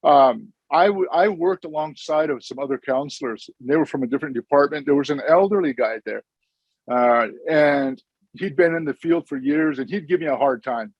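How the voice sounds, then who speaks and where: A man's voice: on the high side, moderate pace, dry recording, dull audio. A middle-aged man, a social worker, giving an earnest, informal conference presentation with stories and frequent restarts.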